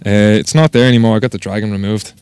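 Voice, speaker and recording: A man with a Dublin Irish accent tells stories in a casual podcast chat, with lively, sweary delivery. His voice sits on the low side and is recorded close and dry, with no room echo. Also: fast, clear, resonant tone. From Ireland. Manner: sweary, animated storyteller acting out quotes. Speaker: tattoo artist guest.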